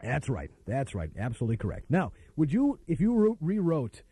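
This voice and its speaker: A man's voice: on the high side, huge pitch swings, brisk, mellow, husky. A man hosting a call-in radio show, chatting casually and wryly, often trailing off and restarting his sentences. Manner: rambling, wry, self-interrupting.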